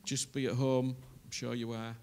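A man's voice: medium pitch, little pitch movement, moderate pace. A man, a pastor who welcomes visiting guests to his church in a rambling way full of fillers. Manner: warm, rambling, hesitant with fillers.

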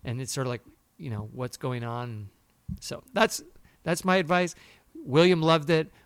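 A man co-hosting a podcast, telling a story in a lively way and acting out the people he quotes. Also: a little high, measured pace, no echo. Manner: animated storyteller, acts out quotes. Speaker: podcast co-host. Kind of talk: casual chat.

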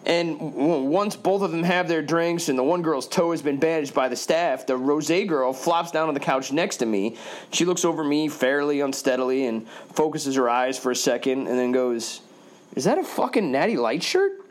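A man's voice: on the high side, normal speed. Wry American man telling a profane anecdote. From United States. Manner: wry, profane, builds to shouting. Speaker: storyteller. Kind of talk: comic anecdote monologue.

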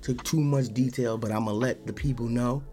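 A man's voice: medium pitch, steady tone, normal speed, mellow. A man hosting a podcast in a casual monologue, talking bluntly and defiantly, swearing freely and restarting his sentences often. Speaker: podcast host.

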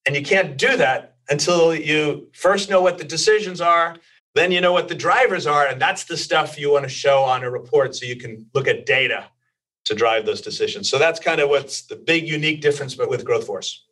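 A man's voice: on the high side, moderate pace, fairly bright tone. Male CEO guest, confident and explanatory, a little distant from the mic. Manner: confident, explanatory, with many "you know"s. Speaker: company president and CEO, guest. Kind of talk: interview answers.

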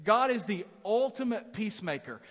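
A middle-aged man preaching a sermon as pastor, telling stories in an animated, self-deprecating way with many "right?" asides. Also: high voice, moderate pace, big-room sound. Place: large church auditorium.

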